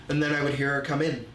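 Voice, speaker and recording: A man's voice: mid-range voice, a bit bright, a little hiss or hum, natural voice. Arthur, a man playing a remorseful drinker. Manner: slow, halting, reflective storytelling. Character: remorseful man confessing his drinking and insecurity. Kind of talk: confessional film monologue. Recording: roomy echo.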